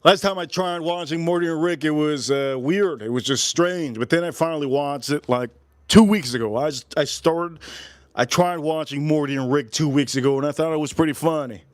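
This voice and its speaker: Man, forties, livestream host, slightly high voice, loud and joking, rambling chat, dry close sound. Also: moderate pace, no room sound. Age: 40s.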